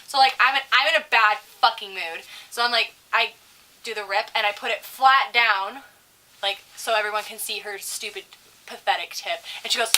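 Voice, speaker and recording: A young woman with a bright, forceful voice tells salty stories in casual chat, swearing freely and leaning into the retelling. She pitches a little higher than most women. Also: normal speed, poor audio. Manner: profane, animated storyteller. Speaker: co-host.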